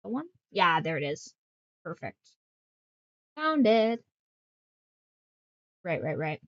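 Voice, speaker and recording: A woman's voice: on the low side, big pitch swings, slow, dry recording. A young woman streaming from home, chatting casually and rambling in baby talk to her pets. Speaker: streamer and author. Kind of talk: casual livestream chat. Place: room at home. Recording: slightly dull lo-fi stream audio.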